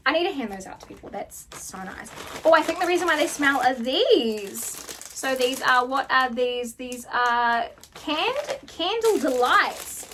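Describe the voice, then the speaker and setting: A young woman from New Zealand with a high, bright voice, chatting through a casual unboxing vlog. She gushes and gets emotional, piles on exclamations and drops the odd swear. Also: animated, unhurried. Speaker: vlogger.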